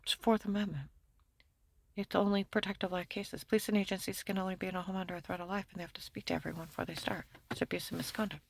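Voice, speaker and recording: A woman rambling through a personal grievance, swinging between hushed talk and loud outbursts and reciting legal terms. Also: medium pitch, level tone, fast, creaky. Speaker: speaker recounting her own ordeal. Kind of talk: agitated personal monologue.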